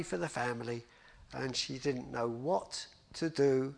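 A man's voice: medium pitch, a little slow, gravelly. A man telling a children's story at a church service, narrating expressively and dramatically.

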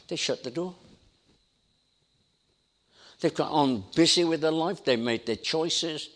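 A man's voice: a little high, slow pace, long pauses, a bit bright. A man preaching a sermon in an emphatic style, building his points through repetition. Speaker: pastor.

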